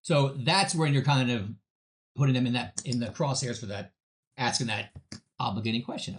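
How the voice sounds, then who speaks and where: A man's voice: medium pitch, normal speed. A man talking as a sales trainer in a casual interview, telling stories and acting out other people's voices with lots of restarts. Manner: animated storyteller, acts out voices of customers; many fillers and restarts.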